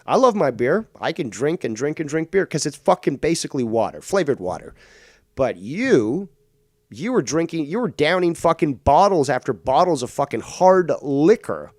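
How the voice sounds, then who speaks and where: A man's voice: a little high, sing-song, moderate pace, a little mellow, dry recording, studio quality. A man streaming commentary, ranting in a mocking, combative way and swearing a lot. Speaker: streamer reacting to clips.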